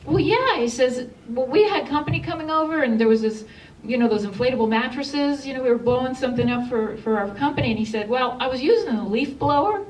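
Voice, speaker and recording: A woman screenwriter telling lively stories at a cinema Q&A, acting out the quotes. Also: sits high, fast talker. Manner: animated storyteller, acts out quotes. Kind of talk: Q&A storytelling on stage. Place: cinema theatre. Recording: far from the mic.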